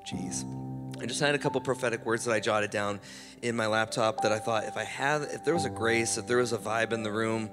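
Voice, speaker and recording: A man preaching at a church service in a casual, conversational way with many fillers, dropping to a hushed, slow voice when he prays. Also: lowish voice. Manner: softens to a hushed, slow voice in prayer. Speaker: guest preacher. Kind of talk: charismatic church sermon and prayer. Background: instrumental music.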